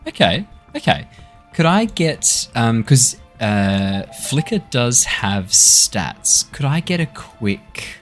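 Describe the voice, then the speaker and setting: A man's voice: medium pitch, very animated, takes it slowly, faint music behind. A man running a tabletop game as dungeon master, making rulings with hesitant restarts.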